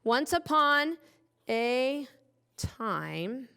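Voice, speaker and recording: Woman teacher for a kids' phonics video, slightly high, very slow and clear, cheerful and encouraging. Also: big pitch swings, bright, forceful tone. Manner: cheerful, spells letters out slowly. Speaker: kindergarten teacher. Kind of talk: children's phonics lesson.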